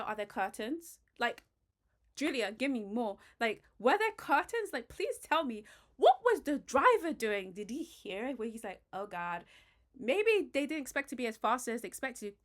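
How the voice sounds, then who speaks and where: A British woman vlogger chatting casually and excitedly about a TV romance, gushing and getting loud at times. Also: high voice. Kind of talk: casual chat about a TV show.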